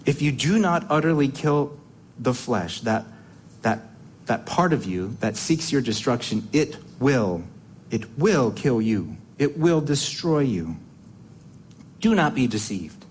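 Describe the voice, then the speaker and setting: A man preaching with emphatic conviction, asking his listeners rhetorical questions. His voice sits at an ordinary middle pitch, and he often doubles back on words as he builds toward his points. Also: lively intonation, slow, a little hiss or hum. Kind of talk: sermon.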